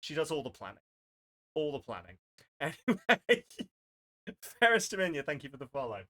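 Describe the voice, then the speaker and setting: Chatty, bright-voiced streamer man. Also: mid-range voice, very animated, fast talker. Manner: rambling, self-deprecating, chatty. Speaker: charity streamer. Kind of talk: casual live-stream chat. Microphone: desk microphone.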